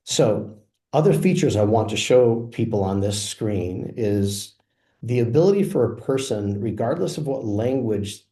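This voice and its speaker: Low-voiced man demoing software in a roomy space. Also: measured pace. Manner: relaxed, explanatory. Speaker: software presenter. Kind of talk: product demo walkthrough. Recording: roomy echo.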